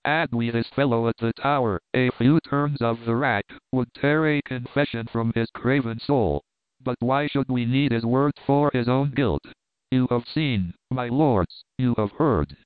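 A man's voice: medium pitch, a little slow, clear, resonant tone, no echo, close to an everyday voice. A man reading the part of a wrathful medieval king in a stern, accusing manner. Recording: tinny narrow-band dry recording.

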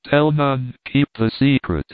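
A man's voice: mid-range voice, animated, slow pace, smooth, no echo. Male reader playing a solemn, kindly little dwarf with old-fashioned speech; lo-fi, phone-band sound. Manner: archaic formal speech. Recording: tinny phone-like dry recording.

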